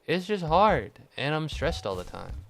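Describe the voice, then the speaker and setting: A man streaming casually, sarcastic and swearing often, swinging from mock-angry rants to quiet deadpan asides, sounding tired and stressed. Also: a little high, normal speed, vocal fry, faint music behind. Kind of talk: casual live-stream chat.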